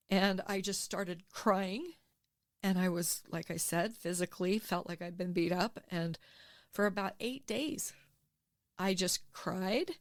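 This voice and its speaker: A woman in her sixties, a podcast guest, telling her own story in a candid, emotional, animated way and acting out what she said back then. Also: mid-range voice, no room sound, studio quality. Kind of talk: candid interview conversation. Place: podcast studio.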